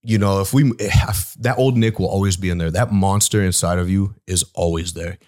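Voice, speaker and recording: A man's voice: sits low, moderate pace, a little mellow. A man from Southeast Iowa, a personal trainer, telling blunt, profane stories in a casual podcast chat.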